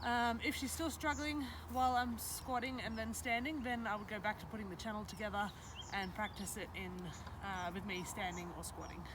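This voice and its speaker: A woman dog trainer who calmly explains a trick, then praises her dog in a high sing-song voice. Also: fairly quick, noisy background. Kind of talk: casual training demonstration. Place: outdoors or open training space with a dog.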